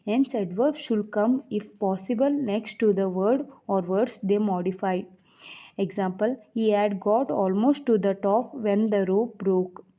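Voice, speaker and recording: A woman reading grammar rules aloud like an audiobook, in a measured way with the odd stumble and restart. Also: medium pitch, dark tone. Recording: dull lo-fi recording.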